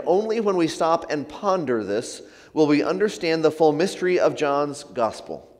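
A male pastor preaching a sermon in an earnest, gentle way, often letting his phrases trail off softly. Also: a little high, big pitch swings, moderate pace, long reverb tail. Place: church sanctuary.

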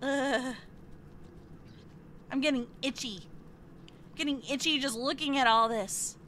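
During a live game stream, a woman reads chat aloud and chats playfully with viewers, squealing and pretending to whine at what happens in the game. She has a high-pitched, fairly bright voice with fairly even intonation, speaking slowly over slight background noise.

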